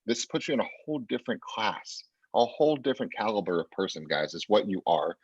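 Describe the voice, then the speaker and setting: A man's voice: lowish voice, fairly quick, breathy edge, no room sound. A man coaching real estate agents over a video call, driving his points home with lots of "right?" and "pay attention". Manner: energetic coaching, repeats "right?" and "pay attention", acts out client quotes. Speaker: real estate sales trainer. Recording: muffled dry lo-fi audio.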